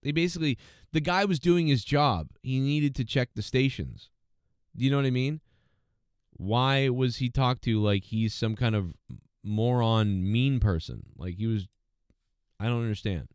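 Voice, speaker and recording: A man's voice: medium pitch, a little slow, clear, resonant tone, dry recording, clean studio sound. A man reviewing a TV episode in a casual, ranting monologue, exasperated and mocking as he paraphrases the characters. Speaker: show reviewer.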